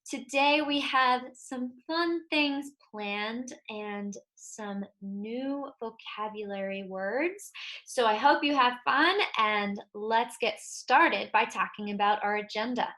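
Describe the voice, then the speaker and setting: A woman's voice: on the high side, takes it slowly, bright, forceful tone. A woman music teacher leading a children's lesson, cheerfully explaining, singing song lines and guiding movements. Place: room with a piano. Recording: roomy echo, voice somewhat off-mic, piano.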